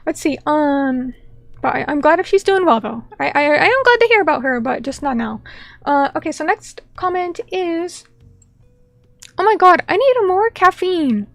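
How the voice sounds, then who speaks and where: A woman's voice: high-pitched, expressive, moderate pace, no echo. A woman streamer chatting casually at home and reading viewer comments aloud, playful and teasing, sometimes mock-indignant. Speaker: VTuber streamer.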